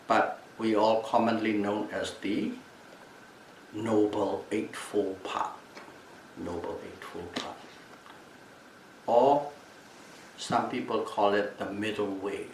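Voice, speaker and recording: A male meditation teacher giving a calm Buddhist Dhamma talk at a retreat, repeating and restating key terms as he explains them. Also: lowish voice. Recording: echoey room, mic at a distance, faint background noise.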